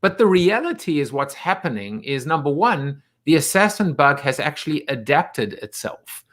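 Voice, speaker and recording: A man's voice: fairly high pitch, very animated, normal speed, fairly bright tone. A man hosting a podcast, asking long, reflective questions about growth and adaptation. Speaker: podcast host. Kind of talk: interview questions.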